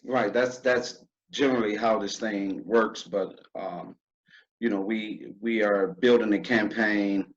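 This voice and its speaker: A man's voice: on the low side, fairly even intonation, unhurried, muffled recording. Earnest male podcast host. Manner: earnest, conversational, with fillers. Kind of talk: podcast interview.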